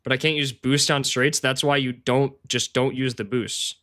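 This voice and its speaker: A man with a mid-range voice speaks at normal speed, his intonation fairly even and his tone bright and forceful. He's live-streaming sports betting research and rambles casually to his chat in slang, saying "bro" a lot, laughing often and poking fun at himself.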